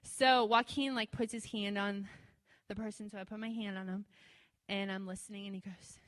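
A woman's voice: mid-range voice, steady tone, normal speed, in a large hall. A woman telling a testimony in a loose, conversational way, full of fillers, who acts out her own prayers in a raised voice. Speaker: speaker sharing a testimony. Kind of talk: testimony storytelling.

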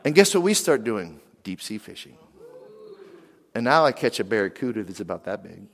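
A man from western Pennsylvania preaching a sermon, lively, and he keeps asking the crowd questions. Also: mid-range voice. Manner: animated, asks the crowd questions. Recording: long hall reverb.

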